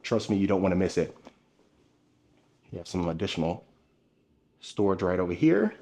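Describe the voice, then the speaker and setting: Man, lowish voice, upbeat home tour host talking straight to viewers while filming on the move. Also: sing-song, normal speed, a little mellow. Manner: upbeat, enthusiastic, addresses viewers directly. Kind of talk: narrated home tour vlog.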